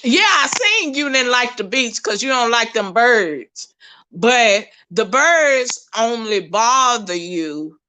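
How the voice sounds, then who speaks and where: Middle-aged woman, casual livestream chat, high-ish bright voice, unhurried, animated. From Texas, USA. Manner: chatty, folksy, animated storytelling. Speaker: livestream host.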